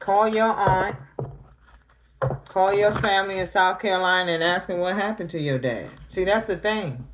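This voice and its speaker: A woman's voice: mid-range voice, normal speed, a little hiss or hum. A middle-aged woman tarot reader talking on a livestream, grieving and confronting her family directly in casual, emotional speech.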